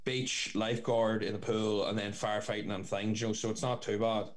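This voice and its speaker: A man's voice: fairly low pitch, level tone, brisk. A young man, telling rambling stories in casual chat and swearing freely.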